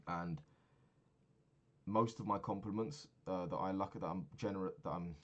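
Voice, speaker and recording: A man's voice: deep voice, moderate pace, a bit bright. A man in his twenties recapping a trip in a rambling, sweary, casual monologue, often laughing at his own stories. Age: 20s. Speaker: vlogger.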